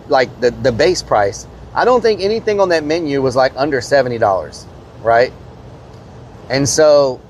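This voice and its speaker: A man's voice: on the high side, a little hiss or hum. A man, a streamer casually telling a rambling story to his live chat, full of fillers and mild swearing.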